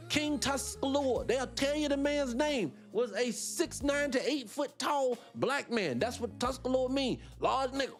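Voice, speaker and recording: A man hosting a radio talk show, arguing his points in an animated, rhetorical way and repeating himself for emphasis. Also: very high voice, normal speed, few pauses, faint music behind. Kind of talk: opinionated solo radio talk.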